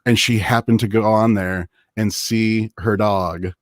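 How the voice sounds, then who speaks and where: A man with a lowish voice co-hosts a casual live-streamed chat show. He talks loosely and eagerly, with plenty of filler words. The sound is close and dry, with no room around it. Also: measured pace, dry recording. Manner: chatty, many "uh" fillers, excitable. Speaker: podcast co-host.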